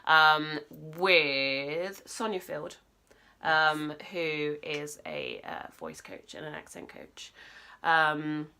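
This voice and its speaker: A woman's voice: low-pitched, lively intonation, drawn-out words, vocal fry, pushed and bright, smooth. A young woman from the West Country with a Somerset accent, chatting casually as a vlog co-host. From West Country, England. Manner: chatty, rambling with fillers. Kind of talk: casual chat.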